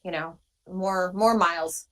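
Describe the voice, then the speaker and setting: A woman's voice: on the low side, measured pace, fairly bright tone, poor audio. A woman rider being interviewed, speaking casually and hesitantly with many fillers. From Washington State. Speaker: interview guest, motorcycle rider.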